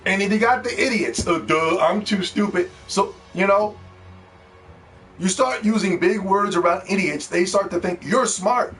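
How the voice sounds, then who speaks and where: A man streaming live, ranting loudly and mockingly at a game review, with plenty of profanity. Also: high-pitched, normal speed, recorded from a distance, soft background music. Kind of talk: live-stream reaction rant.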